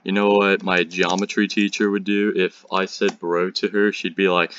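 A man's voice: low-pitched, level tone, moderate pace, lo-fi sound, background noise. A teenage boy hosting a gaming video, giving rambling, jokey commentary and talking back to enemies on screen. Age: teen. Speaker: gaming channel host. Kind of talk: casual gameplay commentary.

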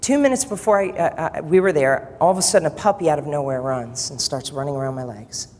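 A man preaching to a college chapel audience, telling stories in an animated, joking way. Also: on the high side, fast. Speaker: pastor speaking in a college chapel. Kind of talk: sermon. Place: chapel hall. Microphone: PA microphone. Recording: long reverb hall with faint noise.

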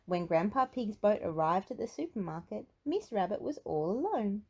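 A woman reads a children's picture book aloud, storytelling in an expressive, sing-song way. Her medium-pitched voice has a breathy edge and a moderate pace.

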